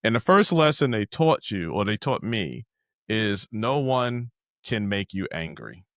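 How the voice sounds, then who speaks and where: A man's voice: lowish voice, big pitch swings, a little slow, no room sound, studio quality. A man hosting a podcast, reacting with enthusiasm and talking about his own experiences. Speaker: podcast host. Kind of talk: casual interview chat.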